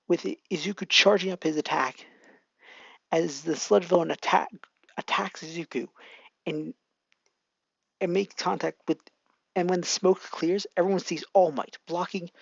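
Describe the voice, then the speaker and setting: Casual fan narrator, gravelly, rambling restarts, dull dry home mic. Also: mid-range voice, moderate pace, pauses often, no echo. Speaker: fan fiction storyteller. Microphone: home microphone.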